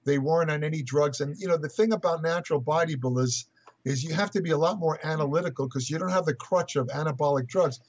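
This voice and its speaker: Older man, husky voice, fairly high pitch, muffled lo-fi recording, rambling casual storyteller. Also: fast talker. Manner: rambling, hesitant restarts, chuckling anecdotes. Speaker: guest, fitness writer. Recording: muffled lo-fi audio.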